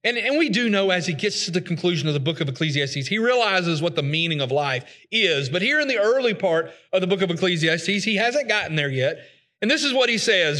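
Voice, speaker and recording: A man's voice: high-pitched, very animated, a little fast, pushed and bright. A man preaching a conversational, folksy sermon, acting out the voices of complainers.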